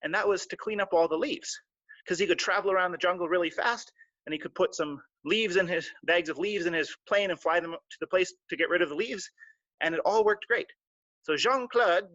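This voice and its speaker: A man telling a children's story on a live stream, animated and full of sound effects. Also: high voice, brisk, no echo. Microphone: live stream mic. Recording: dull, dry lo-fi stream audio.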